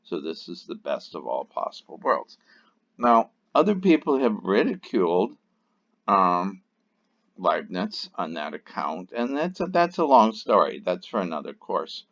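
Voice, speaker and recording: A man's voice: low voice, big pitch swings, measured pace, fairly bright tone, highs cut off. A man teaching a logic course in a recorded online lecture, explaining off the cuff with fillers, restarts and dry, wry asides.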